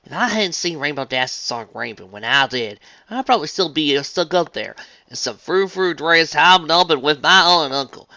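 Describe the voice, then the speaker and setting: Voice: medium pitch, animated, normal speed, few pauses, sharp tone, dry recording, voice pushed up. A reader voicing a stubborn, plainspoken country farm pony mare with a folksy drawl, on a dull lo-fi recording. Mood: insistent. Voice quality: folksy southern-style drawl.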